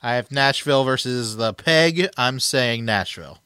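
A young man co-hosting a casual sports chat, speaking in an even, matter-of-fact way. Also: mid-range voice, moderate pace, clear, resonant tone, dry recording, studio quality. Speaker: podcast co-host.

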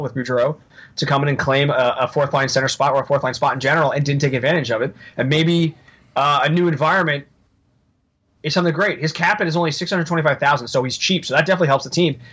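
Rambling, joking man on a podcast. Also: fairly high pitch. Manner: rambling and joking, thinks out loud. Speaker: podcast co-host. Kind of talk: casual chat.

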